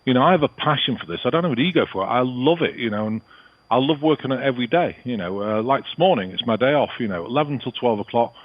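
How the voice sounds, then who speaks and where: A man's voice: mid-range voice, expressive, quick pace, slightly rough, no room sound, highs cut off. A man with a British accent from England, a guest healer talking casually and rambling in an interview. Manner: rambling, peppered with "you know".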